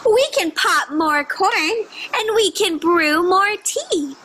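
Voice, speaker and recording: A woman's voice: very high voice, expressive, takes it slowly, bright, forceful tone, voice pushed up, exaggerated voice. A woman voicing a cheerful little mouse who reassures a friend. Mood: reassuring.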